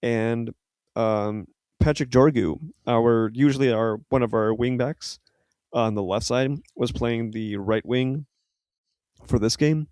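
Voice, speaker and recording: A man's voice: mid-range voice, takes it slowly, a little mellow, dry recording. A man co-hosting a podcast, chatting casually about football with lots of fillers and self-corrections. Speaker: podcast co-host.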